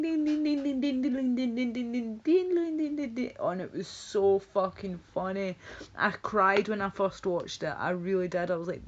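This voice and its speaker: A woman with a lowish voice rambles through a relaxed livestream, answering chat messages and breaking into frequent laughter. The sound is dull and lo-fi, like a home webcam mic. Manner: rambling, chatty, laughs often. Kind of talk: casual chat, reading chat messages aloud. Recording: dull lo-fi stream audio.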